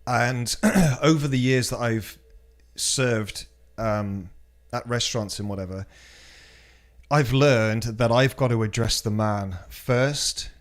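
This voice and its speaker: A man's voice: mid-range voice, takes it slowly. Blunt, sweary British man. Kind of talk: casual podcast chat.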